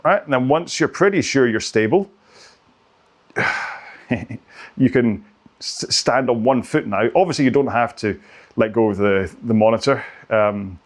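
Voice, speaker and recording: A man in middle age coaches rowing stretches from his home studio. His voice sits at an ordinary pitch, and he wanders into chatty tangents and giggles between cues. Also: animated, measured pace, long pauses. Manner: chatty, rambling, giggly asides. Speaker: rowing workout instructor. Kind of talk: casual follow-along coaching.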